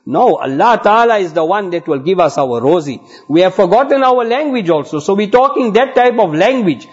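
A man's voice: sits high, animated, fairly quick, slightly rough. A man preaching a sermon to elders and friends, telling a story and exhorting earnestly. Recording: dull lo-fi recording.

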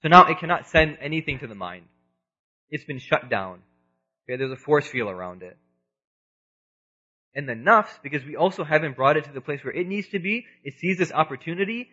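A man in his thirties giving an earnest religious lecture, moving between loud emphasis and quiet asides, in a dull lo-fi recording. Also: on the high side, lively intonation, normal speed, breathy edge. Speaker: preacher.

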